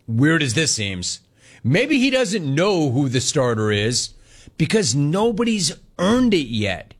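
A man hosting a sports talk show, giving opinionated commentary with animated delivery, mocking mimicry and frequent laughs. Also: mid-range voice.

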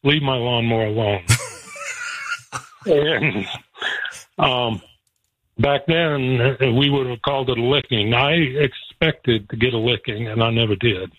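A man's voice: mid-range voice, slow pace, pauses often, dry recording. Man telling a story on a phone line. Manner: folksy, chuckling while telling a story. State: emotional. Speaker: guest.

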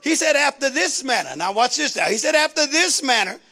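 Woman preacher, very high gravelly voice, call and response, builds up loud. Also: expressive, a little fast. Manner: rhythmic call-and-response preaching with rising exclamations. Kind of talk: sermon.

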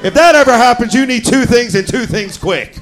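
A man's voice: very high voice, animated, a little fast, fairly bright tone. A man performing crude, self-mocking stand-up comedy. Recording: live club mic with noise.

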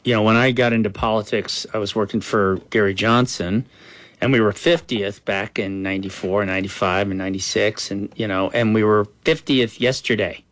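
A man's voice: on the low side, fairly even intonation, normal speed, fairly bright tone, no room sound. Earnest man talking politics, dry sound. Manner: earnest, frank, says "you know" a lot. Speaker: political guest. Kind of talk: conversational interview answers.

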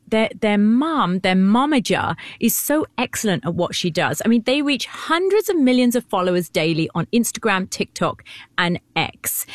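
A woman with a British accent co-hosting a talk show, chatty and animated, laughing often. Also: medium pitch, no echo, clean studio sound. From Britain. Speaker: co-host. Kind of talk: casual chat.

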